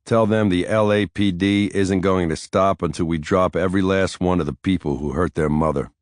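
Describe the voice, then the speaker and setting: A man voicing a blunt, gruff male police detective in an audiobook. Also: sits low, fairly even intonation, normal speed, no room sound, studio quality, close to an everyday voice.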